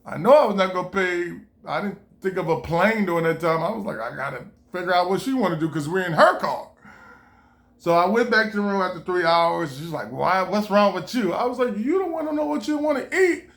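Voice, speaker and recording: High-voiced man telling a story animatedly. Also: a little fast. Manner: animated, re-enacts dialogue, swears freely, laughs while telling. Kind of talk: casual storytelling to camera.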